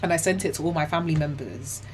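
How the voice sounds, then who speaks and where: A young woman, telling her own story as an interview guest in a chatty, animated way, full of "like" and "you know". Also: sits low, fast, slight background noise. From Ghana and the UK. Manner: laughs often while telling hard stories.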